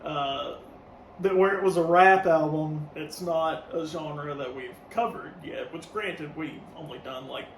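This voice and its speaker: Casting: high-pitched male podcast co-host reading review notes, far from the mic in an echoey room, faint noise. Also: a little slow. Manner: reads review notes with frequent laughs and fillers. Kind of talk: casual review chat, partly read from notes.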